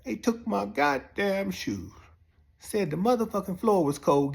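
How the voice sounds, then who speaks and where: A man tells a rowdy comic tale, his voice a touch high and leaping up into squeals at the wild moments. He speaks with a loose, profane delivery. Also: a little slow, gravelly. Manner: animated, profane, squeals into high pitch when excited. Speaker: comedian storyteller. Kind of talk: comic monologue.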